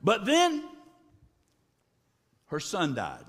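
A man preaches a dramatic sermon in a high, very animated voice, his pitch leaping up and down. He swings between shouted lines and low, drawn-out words. His voice rings with the long reverb of a large hall.

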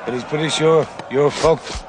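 A man's voice: fairly high pitch, steady tone, normal speed, close to an everyday voice. An actor with an Irish accent playing a brash, cheeky male soldier in a film, joking under fire. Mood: defiant, joking. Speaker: film character. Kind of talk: film dialogue. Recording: film clip with background noise.

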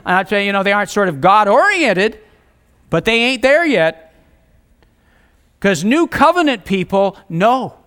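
A man's voice: high voice, very animated, unhurried, long pauses, a bit bright, clear, resonant tone. A man preaching a sermon, reading scripture aloud and speaking earnestly with repetition for emphasis. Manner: reads scripture aloud, conversational asides.

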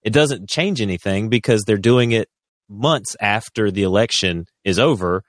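A man co-hosting a podcast, talking in a casual, rambling, animated way with frequent restarts. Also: on the low side, normal speed, no room sound, clean studio sound. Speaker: podcast co-host.

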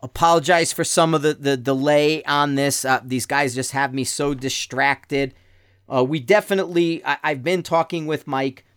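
A podcast host from the Denver area, USA, rambles and jokes on a casual solo show, with many stammered restarts. His slightly high, a bit bright voice is clear and resonant, with fairly even intonation at normal speed. A podcast mic captures clean studio sound without echo.

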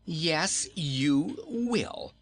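A man's voice: a little high, sing-song, slow, fairly bright tone, faint music behind, pitched above the performer's own voice, exaggerated voice. A man voicing a bold, indignant little girl who scolds firmly. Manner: scolding, firm.

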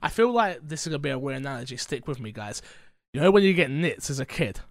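A man's voice: mid-range voice, big pitch swings, quick pace, dry recording, clean studio sound. A man from London with a London accent, hosting a casual gaming podcast while stuffy with a blocked nose and sore throat, rambling and joking through tangents. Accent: London English. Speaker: podcast host.

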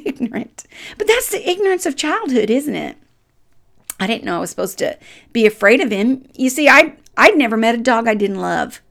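A middle-aged woman tells a story from her own childhood in an unhurried, folksy way. Her voice has a gravelly edge of vocal fry. She often sinks into soft, low murmurs at the ends of her phrases. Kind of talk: personal story narration.

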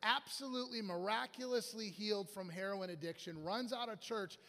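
A man's voice: sits high, normal speed, fairly bright tone. A man preaching a guest sermon in a church, telling stories and acting out the people in them. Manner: storytelling with acted-out quotes and asides. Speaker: guest pastor. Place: church sanctuary. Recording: long church hall reverb.

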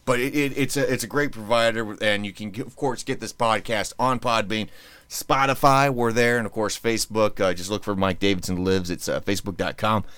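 A man's voice: fairly low pitch, fairly even intonation, fairly quick, a bit bright, clean tone, dry recording. A man hosting his own podcast in casual chat, rambling and joking as he restarts his sentences. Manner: rambling, self-interrupting, joking. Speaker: podcast host.

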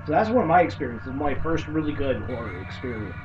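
A man chatting casually about tabletop horror games, an animated storyteller who swears freely. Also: mid-range voice, fast talker. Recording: distant dull mic with faint background noise.

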